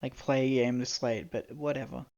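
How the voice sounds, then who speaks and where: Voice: mid-range voice, fairly even intonation, normal speed, a little mellow, muffled recording. A young adult Australian live streamer chatting casually and rambling, laughing often and swearing freely.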